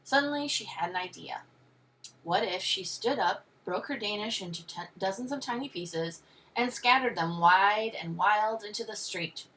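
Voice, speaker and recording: A woman teacher reads a picture book aloud with lively, expressive storytelling. Her voice sits a little back from the mic. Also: mid-range voice, moderate pace, recorded from a distance.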